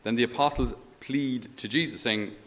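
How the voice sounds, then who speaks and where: An Irish man speaking as a priest in a conversational homily. He is a lively storyteller who often chuckles as he talks. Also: mid-range voice, moderate pace, slight background noise. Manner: animated storyteller, chuckles while talking.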